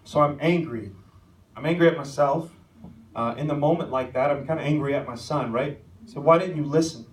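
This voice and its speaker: A young man preaching a sermon as pastor, telling a story and rising to shouted calls at its peaks. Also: mid-range voice, moderate pace, far from the mic. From American. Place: church sanctuary. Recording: echoey church hall, mic from afar.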